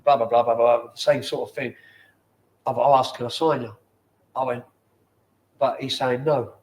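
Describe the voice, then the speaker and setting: A man in his forties with a London accent, a former footballer telling stories in casual chat in a bar, animated and swearing often. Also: medium pitch, measured pace. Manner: animated, swears often, acts out quoted people. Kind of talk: casual storytelling.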